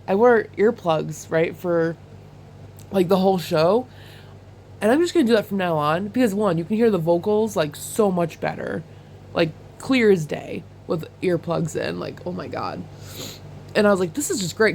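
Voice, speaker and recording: A young woman vlogging in a casual chat, talking in an excited, rambling way with lots of "like" and "oh my God.". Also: a little high, normal speed, slight background noise. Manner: chatty and excitable, full of "like" and "oh my God"; bursts into laughter while recounting.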